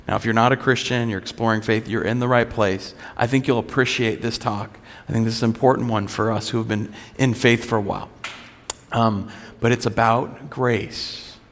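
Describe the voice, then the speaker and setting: A man, a pastor, giving a relaxed, conversational sermon with self-deprecating humor. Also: medium pitch. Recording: long reverb of a large hall.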